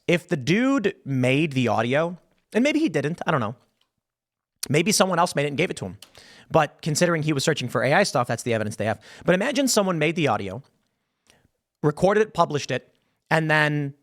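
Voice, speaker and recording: A man's voice: on the high side, very animated, fairly quick, a bit bright. A man hosting a show, giving casual, opinionated commentary with lots of rhetorical questions. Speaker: show host.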